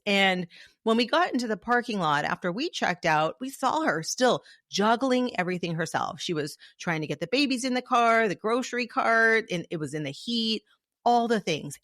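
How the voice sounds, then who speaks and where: A woman hosting her own podcast, talking straight to the listener and calling them "love", with animated storytelling. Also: mid-range voice, no echo, clean studio sound. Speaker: podcast host. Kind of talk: solo podcast monologue.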